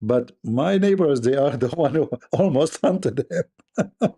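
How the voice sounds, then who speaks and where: A man's voice: on the high side, animated, slow pace, gravelly, warm tone, husky. A man hosting a livestream, ranting and mocking with frequent laughter, in non-native English grammar. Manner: mocking, emphatic, laughs often while talking. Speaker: livestream host. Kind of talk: casual ranting commentary.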